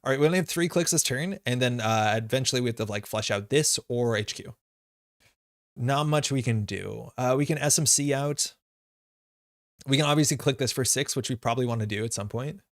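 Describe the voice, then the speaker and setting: A man's voice: mid-range voice, a little fast, dry recording, studio quality. A man streaming a card game live, thinking his moves through aloud in a casual way with plenty of fillers. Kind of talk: live gameplay commentary.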